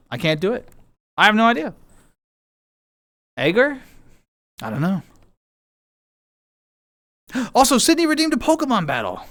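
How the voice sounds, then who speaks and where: Here a man with a bright-ish voice on the high side streams from home. He reads viewer messages and chats casually, sounding playful and talkative, his intonation bouncy.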